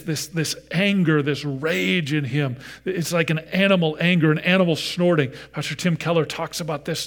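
A male pastor preaching a sermon with earnest feeling. He moves from loud emphasis to hushed, near-whispered softness and speaks straight to the children in the room. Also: on the high side. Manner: addresses children in the congregation directly.

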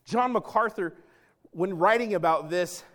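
A man preaching a sermon as pastor, emphatic and dramatic, swinging between loud stretches and hushed ones and talking straight to his congregation. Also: high voice, a little slow. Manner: acts out quoted speech and addresses the congregation directly.

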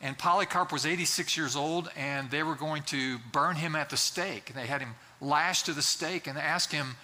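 A man's voice: a little high, normal speed, few pauses, sharp tone. A man preaching a sermon in a conversational way, with fillers and restarts. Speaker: pastor.

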